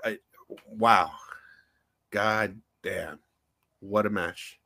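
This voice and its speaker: A man co-hosting a casual podcast, halting and stumbling as he starts his points. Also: on the low side, fairly even intonation, pushed and bright. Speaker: podcast co-host. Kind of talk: casual chat.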